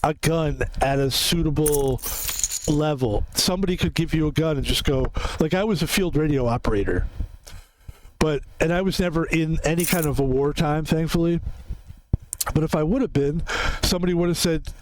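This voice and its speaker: A man's voice: on the high side, moderate pace, slight background noise, poor audio. Rambling, foul-mouthed man in his fifties. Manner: rambling storytelling with frequent profanity. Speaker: gaming video host. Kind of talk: casual commentary while playing a video game.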